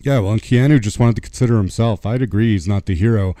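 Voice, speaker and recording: Sarcastic man with a very dark, dry voice. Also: fairly low pitch, fast, dry recording. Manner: sarcastic, crude jokes. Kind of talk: casual movie chat.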